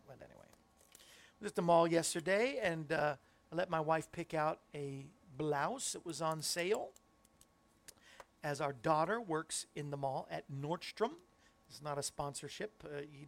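A middle-aged man hosting a faith-based talk show, with a fairly high voice for a man. He rambles in a relaxed, chatty way and turns often to viewers typing in the chat. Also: creaky. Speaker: host.

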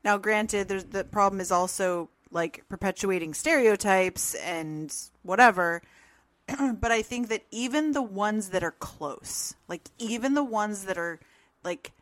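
A woman co-hosts a podcast in a casual, rambling discussion packed with fillers and laughs, speaking a little slowly in a mid-range voice. The recording is dry, made in a room at home with the windows open.

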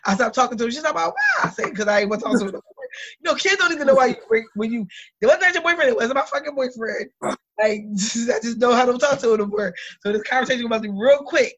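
A woman in her thirties co-hosting a podcast, telling a story in blunt, lively chat with lots of swearing. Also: a little high, quick pace, muffled recording. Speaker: podcast co-host. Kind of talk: casual chat.

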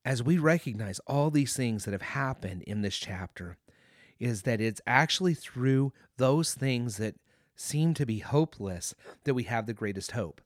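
A man's voice: medium pitch, measured pace, no room sound, studio quality. Earnest man hosting a Bible podcast. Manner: earnest, lively storytelling with restarts and fillers. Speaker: podcast host. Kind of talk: devotional Bible talk.

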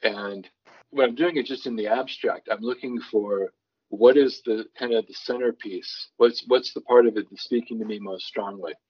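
A low-pitched man with a husky, somewhat breathy voice talks through how he builds a song from a psalm. He speaks thoughtfully, doubling back on words as he works out his point. The audio is dull and lo-fi. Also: normal speed. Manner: thoughtful, restarts often, reads scripture aloud with varied emphasis. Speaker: songwriter guest. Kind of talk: conversational explanation.

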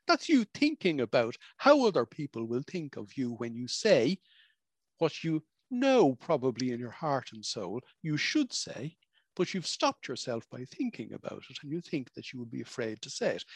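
A man's voice: mid-range voice, huge pitch swings, normal speed, breathy edge, no echo. A middle-aged man, a practicing psychologist, talking about emotions in a conversational, explanatory way with vivid examples and asides. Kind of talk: reflective spoken talk on emotions.

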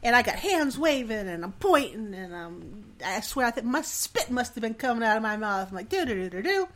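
A middle-aged woman talks through a personal story for her podcast. Her pitch swings widely as she acts out her own worries, and she laughs at herself often. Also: moderate pace. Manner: animated, self-deprecating, laughs often. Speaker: podcast host.

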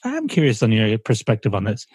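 A man's voice: lowish voice, huge pitch swings, brisk, darkish tone, breathy edge, dry recording. A man co-hosting a podcast, chatting casually, opinionated and joking. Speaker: podcast co-host.

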